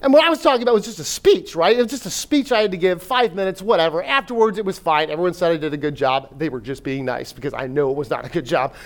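A man giving a sermon-style talk, telling a personal story in an animated way, with fillers and acted self-talk. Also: a little high, quick pace, hardly any pauses. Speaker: speaker at a church.

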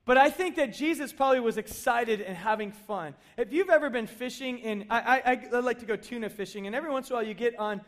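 Talking fast with hardly any pauses, this middle-aged pastor preaches a laid-back sermon that unfolds like a story. His voice is bright and high-pitched, and he often breaks into playful, acted-out asides with animated energy.

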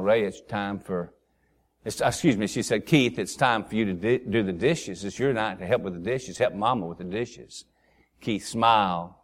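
A man preaching a sermon and telling a humorous story, acting out the voices of the people in it. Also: a little high. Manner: folksy storyteller, acts out voices, lively. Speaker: pastor.

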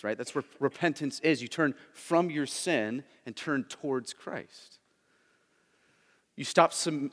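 A male pastor preaching a sermon, swinging between loud urgent emphasis and hushed, low intensity, often checking in with "right?". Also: in a large hall. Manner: frequent "right?" check-ins with the congregation.

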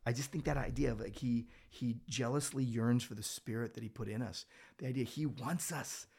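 A pastor discusses Bible verses on a casual podcast, telling stories animatedly and acting out quoted speech and little scenes as he explains. His medium-pitched voice is creaky and husky, at a normal speed.

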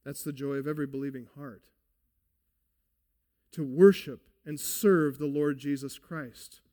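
A man's voice: a little high, steady tone, a little slow, warm tone, long reverb tail. A man preaching a sermon as pastor, earnest and emphatic, asking his listeners pointed questions.

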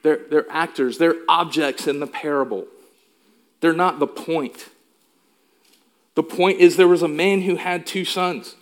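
A man's voice: on the high side, fairly even intonation, measured pace, long pauses. A male pastor delivering a sermon in an emphatic way, asking the congregation questions. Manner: emphatic, asks the room questions.

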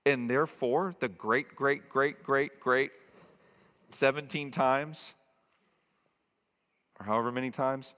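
A man's voice: medium pitch, fairly even intonation, slow, long pauses, in a large hall, highs cut off. A man preaching a sermon as a pastor, stressing and repeating key phrases.

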